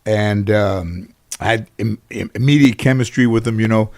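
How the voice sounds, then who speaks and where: Rambling and peppering his speech with "you know", a middle-aged interview guest shares casual stories. He speaks at a moderate pace in a lowish, darkish voice.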